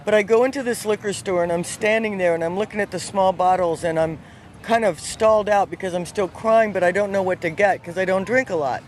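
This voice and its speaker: A woman, not from the South, telling a personal story with lively, animated energy, outdoors on a city street. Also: medium pitch, fairly quick, a little hiss or hum. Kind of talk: casual spoken storytelling.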